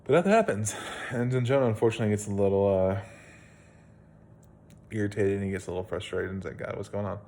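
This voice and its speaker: A man's voice: lowish voice, quick pace, pauses often, a little mellow. A young man, a video blogger, casually retelling a Bible story at home in a plain-spoken, rambling way with fillers.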